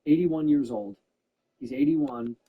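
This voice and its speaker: A man's voice: fairly high pitch, animated, unhurried, gravelly, husky, narrow, tinny audio. A man in casual banter with a friend, teasing and joking and often laughing. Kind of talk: casual chat over gameplay.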